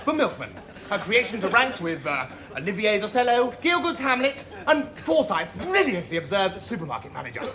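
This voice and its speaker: An actor playing a vain, pompous, scheming TV star who talks in a theatrical, shouty, mocking way. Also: male voice, high-pitched, very animated, a little fast, noisy background. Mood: self-important.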